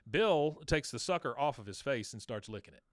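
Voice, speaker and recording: A man's voice: mid-range voice, animated, a little fast, no echo, clean studio sound. A man hosting a podcast, casually recapping a cartoon episode in a rambling way full of ums. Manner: rambling, lots of um and uh. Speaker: podcast host.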